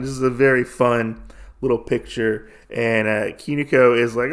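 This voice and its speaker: A man's voice: mid-range voice, normal speed, creaky. A man hosting a podcast, casually recapping a comic story with lots of fillers and restarts. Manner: rambling, filler-heavy storytelling. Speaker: podcast host.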